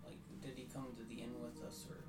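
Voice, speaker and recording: A man playing a tabletop game, speaking in a hesitant, halting way. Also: mid-range voice, flat delivery. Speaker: player. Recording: distant mic, echo, loud music.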